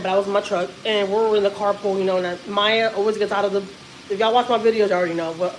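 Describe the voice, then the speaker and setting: A woman's voice: medium pitch, a little hiss or hum, low-quality recording. A woman, a mother venting on a casual livestream and cussing often. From Houston, Texas. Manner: animated, frequent cussing and laughing. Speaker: vlogger and mother.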